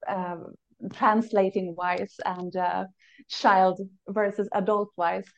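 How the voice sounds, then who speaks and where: A woman who is not a native English speaker, chatting casually and enthusiastically on a podcast, laughing often and jumping up in pitch when excited. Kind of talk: casual chat. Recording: dull lo-fi recording.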